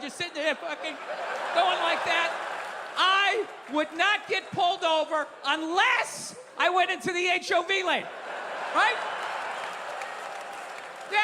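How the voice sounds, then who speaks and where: A man does stand-up, ranting and swearing, dropping to muttered asides then shouting. His voice sits high and rings through a large hall with a long tail. A noisy crowd laughs and claps behind him. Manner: ranting, profane, swings from mumbled asides to shouting. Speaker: stand-up comedian. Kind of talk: stand-up comedy set. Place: theater stage before a live audience. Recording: live hall with crowd noise. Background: crowd laughing and applauding.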